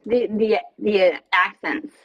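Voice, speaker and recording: A woman chatting casually on a live stream, halting and restarting her sentences. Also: medium pitch, breathy edge, muffled recording.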